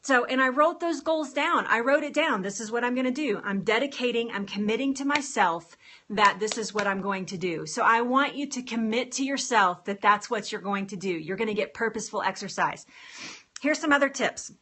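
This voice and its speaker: A woman's voice: on the high side, lively intonation, fairly quick, sharp tone. A woman health coach chatting casually on a live stream, upbeat and talking straight to her viewers about getting started with exercise.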